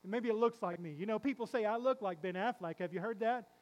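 A man's voice: sits high, quick pace, muffled recording, lightly acted. A man voicing a flustered, stammering man who nervously denies everything in casual modern slang. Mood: nervous denial.

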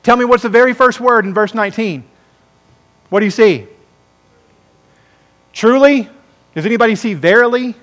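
A male pastor preaching a sermon to his congregation, emphatic and repeating words for emphasis. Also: sits high. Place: church sanctuary.

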